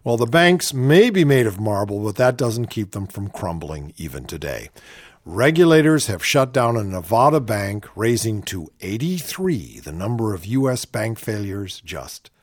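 A man co-hosting a radio comedy show, reading news items in a wry, deadpan way. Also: on the low side, normal speed, dry recording, studio quality.

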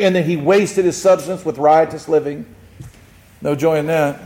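Guy preaching, fairly high voice, gets loud and excited acting stuff out. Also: moderate pace, creaky. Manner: animated, shouts and acts out joyful voices. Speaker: pastor. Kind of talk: sermon.

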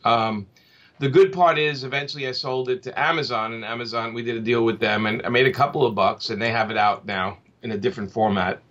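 A man's voice: mid-range voice, fairly even intonation, a little fast, fairly bright tone. A man speaking as a comic book creator in a casual interview, rambling with many restarts and fillers. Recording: slightly dull lo-fi audio.

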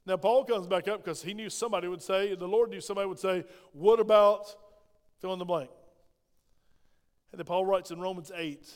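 A man's voice: sits high, steady tone, fast, hardly any pauses. An older man preaching a sermon in a church, emphatic and asking the congregation questions. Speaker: pastor. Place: church sanctuary. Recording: echoey church hall reverb.

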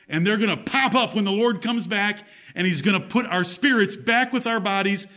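A man's voice: high voice, a bit bright. Emphatic preaching pastor, man. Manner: emphatic preaching, reads scripture aloud. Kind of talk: sermon.

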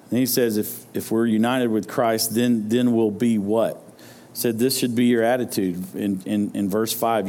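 A man's voice: medium pitch, darkish tone. A man preaching a sermon to his congregation, talking in a loose, conversational way and often stumbling over repeated words as he restarts his sentences. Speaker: pastor.

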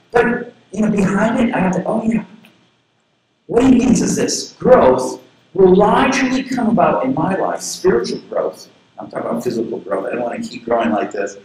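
Male pastor, earnest storyteller, pitch leaps around a lot; heavy echo of a big room, faint noise underneath. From southern Florida. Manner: earnest, personal storytelling with lively pitch swings. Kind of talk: sermon.

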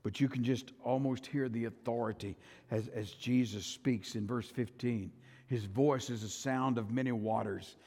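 A man preaching a sermon as pastor, telling the story dramatically with loud, high bursts and quiet, plain-spoken asides. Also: steady tone, moderate pace. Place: church sanctuary. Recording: long hall reverb.

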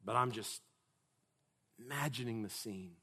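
A man preaching a sermon emphatically, rising to loud, forceful passages. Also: mid-range voice, unhurried, creaky, breathy edge.

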